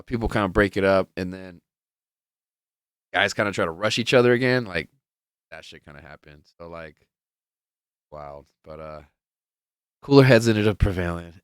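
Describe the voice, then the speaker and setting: A man's voice: low voice, smooth, no room sound, studio quality. A man hosting a casual solo podcast, telling rambling, profane stories full of fillers in a laid-back way. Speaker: podcast host.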